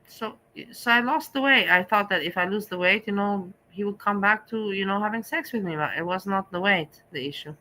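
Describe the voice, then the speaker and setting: Middle-aged female host, confessional and repetitive, bright edge to the voice. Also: medium pitch, a little fast, hardly any pauses, slight background noise, rough recording. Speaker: vlog host. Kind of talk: candid casual chat.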